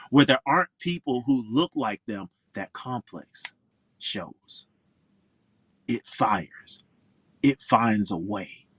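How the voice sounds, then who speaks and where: A man's voice: lowish voice, dry recording. A man in his forties from Florida, a pro golfer guest, telling stories in an outspoken, emphatic way. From Orlando, Florida. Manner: outspoken, emphatic, animated storyteller. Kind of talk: interview storytelling.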